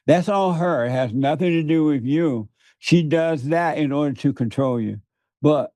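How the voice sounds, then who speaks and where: A man's voice: a little high, moderate pace, mellow, no echo. A man preaching to his interviewer in an emphatic, repetitive way, laughing often. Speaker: guest.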